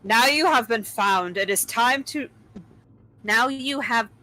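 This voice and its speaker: A taunting, threatening captor, read aloud by a woman in character. The tone is bright and cutting, with a slow drawl of menace. It sounds like game dialogue voiced by a streamer. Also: on the high side, low-quality recording. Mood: taunting threat. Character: menacing captor interrogating a stowaway.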